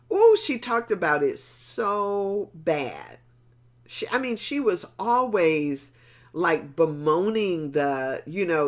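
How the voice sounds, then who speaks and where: A middle-aged woman hosting a motivational talk, telling a story in a conversational way and repeating words for emphasis. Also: on the low side. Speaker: motivational talk show host.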